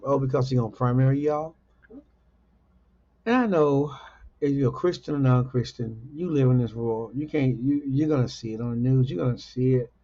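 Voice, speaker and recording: A man giving informal political commentary, repeating rhetorical questions with many fillers, in a husky, gravelly voice. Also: mid-range voice, moderate pace, long pauses, dark tone, lo-fi sound. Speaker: host.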